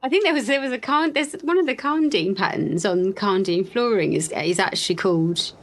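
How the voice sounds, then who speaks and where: A woman's voice: mid-range voice, a little fast. Giggly woman hosting a podcast. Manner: giggly, teasing. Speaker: podcast host. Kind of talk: casual podcast interview.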